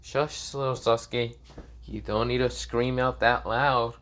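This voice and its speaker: A man voicing a smug young male ninja who talks down to others with mocking calm. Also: medium pitch, a little slow, natural voice. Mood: taunting. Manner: taunting, condescending.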